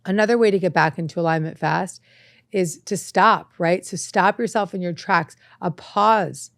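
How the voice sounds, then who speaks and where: Earnest woman host, low dry voice. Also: moderate pace, dry recording. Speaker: podcast host. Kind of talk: motivational self-help talk. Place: studio set with lights.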